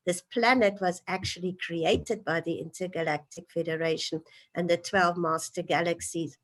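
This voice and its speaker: A woman as a guest in a spiritual interview, speaking in an earnest, flowing and enthusiastic way. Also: medium pitch.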